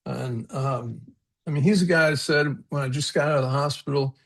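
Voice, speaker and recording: A man's voice: medium pitch, moderate pace, vocal fry. A man giving a webinar talk over a video call, telling personal stories in an earnest, reflective way. He often repeats words and restarts sentences, and he chuckles at his own stories. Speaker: presenter on a webinar panel.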